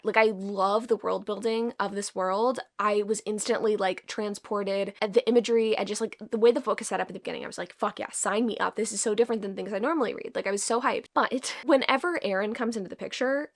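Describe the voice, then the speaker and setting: A woman's voice: fairly high pitch, fairly bright tone. A woman with a Southern country accent talks casually to camera as a book vlogger. She is blunt and swears freely, peppering her talk with filler words. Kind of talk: casual chat.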